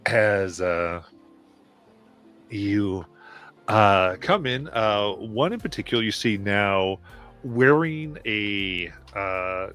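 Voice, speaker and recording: Low-voiced, halting game master. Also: male voice, a bit bright, smooth, faint music behind. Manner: halting, many filler sounds. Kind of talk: narrating a tabletop game.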